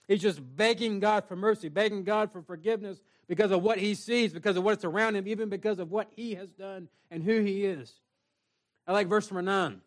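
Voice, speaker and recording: Earnest high-voiced man preaching. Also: steady tone, fairly quick. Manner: earnest, plain-spoken, repeats phrases, reads scripture aloud. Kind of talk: sermon.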